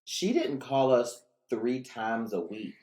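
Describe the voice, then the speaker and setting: A man's voice: medium pitch, lively intonation, takes it slowly, a little mellow, echoey room. Teasing middle-aged man. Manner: teasing, wry. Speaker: podcast co-host, parent. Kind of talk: casual chat with teasing humor.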